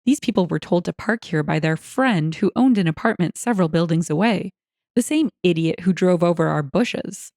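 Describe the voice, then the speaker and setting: A woman reading online stories aloud as scripted narration, expressive and wry, with lively asides. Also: on the low side, normal speed, no echo, studio quality.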